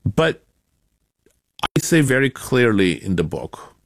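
A man, an author and academic, answering interview questions in a measured, explanatory way with bursts of emphasis. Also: medium pitch, very animated, dry recording, studio quality.

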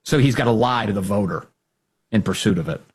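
A man hosting a political commentary show, talking in an animated, mocking way. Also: on the low side, a little fast, slightly rough. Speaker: show host.

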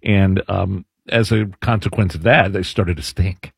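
A man's voice: sits low, steady tone, measured pace, creaky, husky, no echo, clean studio sound. A man hosting a talk radio show, chatty and telling stories with many restarts. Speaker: radio host. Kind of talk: casual radio show banter.

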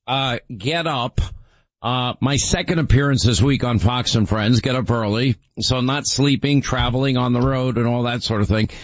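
A man's voice: mid-range voice, moderate pace, no echo, dull audio. A man hosting a radio show, chatting casually and rambling, his voice sore from too much talking. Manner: rambling, self-deprecating. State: sore, strained voice. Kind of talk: casual chat.

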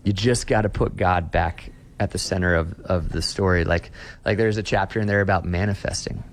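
Male pastor, deep low voice, earnest and conversational, restarts often; faint background noise. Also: fairly even intonation, brisk. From Austin, Texas. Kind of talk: casual interview talk.

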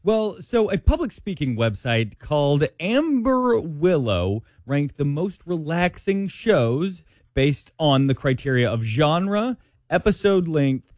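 A man, a producer co-hosting an entertainment show, reading a ranked list with quick asides. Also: a little high, a little mellow, no echo, clean studio sound. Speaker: producer and co-host. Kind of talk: casual entertainment chat.

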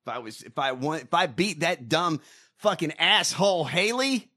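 A man on a podcast, riffing in a rowdy, profane rant. His voice sits a bit high, bright and tense, swinging widely in pitch as he mocks and rails. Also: expressive, normal speed. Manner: rowdy, ranting, mocking. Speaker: podcast co-host. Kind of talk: casual profane political banter.

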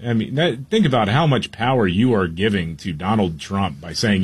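Husky male talk radio host, reads headlines with casual asides. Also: lowish voice, moderate pace. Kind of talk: talk radio, reading news countdown.

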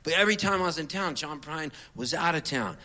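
Male storyteller, songwriter type, slightly high and bright tone, animated, slangy delivery. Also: brisk. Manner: animated, chatty, laid-back surfer slang. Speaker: singer-songwriter. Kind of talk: comic storytelling.

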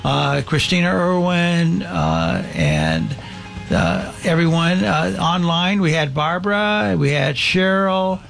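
A man hosts a talk show in a gravelly, creaky voice, pitched a little above the usual for a man. He talks haltingly, filling pauses with uh and you know and restarting his sentences. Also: sing-song, a bit bright, soft background music. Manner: halting, many fillers and restarts. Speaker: host. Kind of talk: casual talk show hosting.

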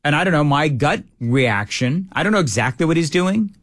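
A man's voice: a little high, animated, moderate pace, a bit bright, no room sound. A man co-hosting a talk show in casual chat, frank in his opinions and stammering on restarts. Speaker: radio show co-host.

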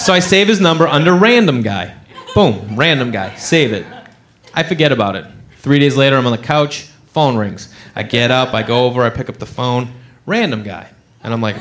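A man's voice: a little high, expressive, fairly quick. A man performing a stand-up comedy set, telling a story with acted-out voices and crowd work. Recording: live club with crowd laughter.

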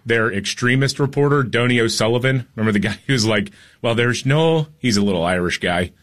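Radio co-host guy, lower voice, fired up and jokey about the news. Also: quick pace. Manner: animated, opinionated, jokey. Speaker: radio talk show co-host. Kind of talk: casual political talk radio.

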